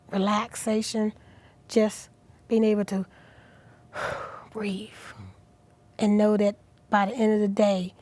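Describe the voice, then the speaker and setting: A middle-aged woman guest on a talk show, speaking earnestly and with feeling, at times dropping to a soft near-whisper. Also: mid-range voice, no room sound. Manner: earnest, animated, drops to soft near-whispers at emotional moments. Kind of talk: inspirational talk show interview.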